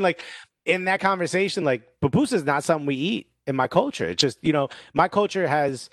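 Animated storytelling man, dry sound. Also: fairly high pitch, brisk, no room sound. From Cuban-American background. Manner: animated storyteller, acts out quoted voices, many "you know"s. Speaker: podcast co-host. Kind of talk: casual chat.

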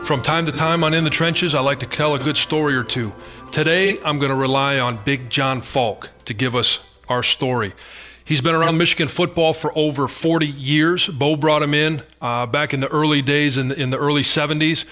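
A man's voice: a little high, steady tone, moderate pace, pushed and bright, soft background music. A man hosting a sports talk show, upbeat and conversational. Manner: upbeat, conversational, some fillers. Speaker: host.

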